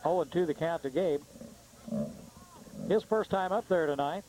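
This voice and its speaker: Midwest dude calling pitches, relaxed, a bit higher voice, light hiss. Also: male voice, moderate pace, low-quality recording. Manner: easygoing, matter-of-fact calls. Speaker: color commentator. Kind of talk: baseball commentary.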